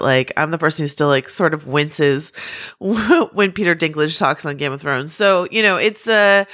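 Lower-voiced woman chatting animatedly about films. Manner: animated, chatty, laughs while talking. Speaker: podcast panelist. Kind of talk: casual film chat.

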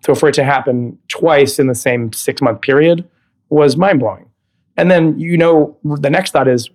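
Male guest, 30s, from California; expressive anecdote teller who laughs a lot and acts out dialogue. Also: fairly high pitch, normal speed. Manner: animated storyteller, laughs often, acts out quoted dialogue. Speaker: guest, Broadway actor. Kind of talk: casual interview chat.

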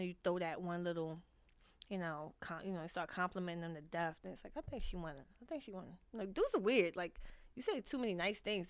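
A woman's voice: on the low side, fairly bright tone, no room sound. A woman vlogger giving frank, rambling advice to viewers in a casual chat, full of fillers and restarts. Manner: frank and profane. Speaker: vlogger answering viewer questions.

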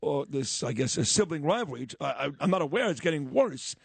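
A man's voice: on the high side, sing-song, brisk, vocal fry, slightly rough, dry recording. A man hosting a morning radio show, teasing and interrupting his co-hosts in folksy banter. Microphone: studio microphone.

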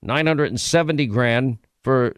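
A man's voice: medium pitch, a little slow. A man hosting a talk radio show, ranting in a sarcastic, combative way.

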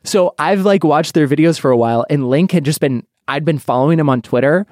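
Young male podcast host, lively storyteller who laughs a lot, dry close-mic sound. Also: a little high, fairly quick, no room sound. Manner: animated storyteller, laughs often. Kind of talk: casual chat.

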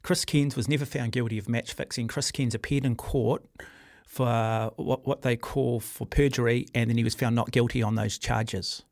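Speaking with a New Zealand accent, a middle-aged man hosts a sports talkback show from a radio studio, voicing opinions in a forthright way. His medium-pitched, slightly mellow voice stays fairly even at normal speed, recorded on a studio microphone at studio quality with no echo.

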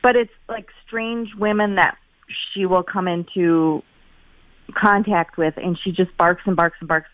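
A woman calling in to a radio show, telling her story in a hesitant, halting way with many fillers. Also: lowish voice, fairly even intonation, no echo. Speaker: caller. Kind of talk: phone-in call. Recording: tinny phone line.

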